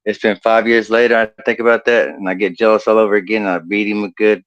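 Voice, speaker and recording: A man's voice: lowish voice, flat delivery, fast, dry recording, dull audio. A man doing a crude stand-up comedy set over a video call, laughing at his own jokes.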